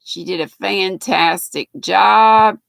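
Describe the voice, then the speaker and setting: This older Southern woman from North Carolina hosts a casual live chat, laughing and chatting folksily as she reads comments from her viewers. Her voice is mid-range, steady, creaky, and fairly bright, and she talks slowly on a dry recording.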